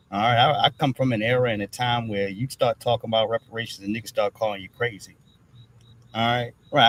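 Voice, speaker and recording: A man's voice: medium pitch, a bit bright, low-quality recording. A man hosting a livestream, talking in loose, profane commentary and repeating "all right" between nearly every thought. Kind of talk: casual rambling commentary.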